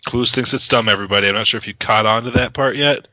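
A man's voice: lowish voice, fairly even intonation, fast, sharp tone, no echo, highs cut off. A man co-hosting a podcast, chatting casually and teasing his co-host in joking banter. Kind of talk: casual chat about card games.

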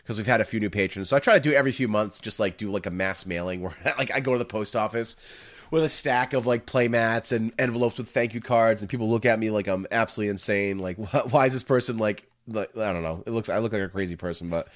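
A man co-hosting a casual podcast, talking in a rambling way with many fillers, with a froggy vocal fry and a hoarse voice. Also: lowish voice, fast. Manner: rambling, lots of filler words. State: hoarse, coughing. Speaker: podcast co-host.

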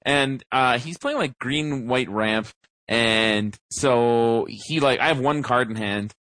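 A man's voice: mid-range voice, takes it slowly, a bit bright, no room sound. Rambling man telling a story. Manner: rambling storyteller, many fillers and restarts. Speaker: podcast co-host. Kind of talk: casual chat.

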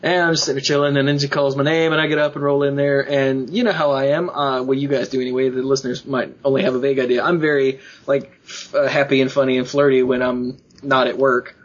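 A man's voice: medium pitch, fast, hardly any pauses, lo-fi sound. A man telling a funny personal story in casual podcast chat, acting out the other people's lines and laughing often. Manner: animated, acts out quoted voices, laughs often. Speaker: podcast co-host.

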